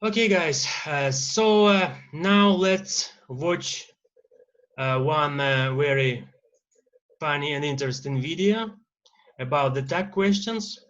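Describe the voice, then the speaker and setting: A man with a Russian accent teaching an English grammar lesson, pausing often with "uh" fillers. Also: a little high, a bit bright, dull audio. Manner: lecturing with many uh fillers and pauses.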